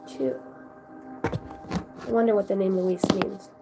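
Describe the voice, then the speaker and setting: A woman's voice: mid-range voice, slow pace, over music. A woman giving a casual livestream card reading, chatty and effusive, swearing freely as she talks to her viewers. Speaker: tarot reader.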